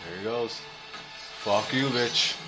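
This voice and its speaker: A young man commentating his own video game match, recorded on a phone, excitable and quick to yell, laugh and curse. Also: mid-range voice, soft background music.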